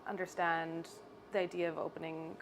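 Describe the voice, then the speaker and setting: A young woman with a Canadian accent, a salon owner chatting in an interview, bubbly and animated, often laughing as she tells stories. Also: low voice, normal speed, noisy background. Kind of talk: casual interview chat. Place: hair salon.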